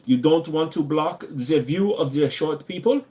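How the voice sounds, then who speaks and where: A man's voice: fairly high pitch, measured pace, darkish tone, pitched above the performer's own voice, natural voice. A man voicing a smug, stiff German man in a mock German accent, pompous and clipped.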